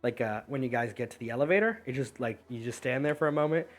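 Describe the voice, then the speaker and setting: A man narrating a tabletop game as game master, in a relaxed, loose way with many fillers. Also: mid-range voice, fast talker.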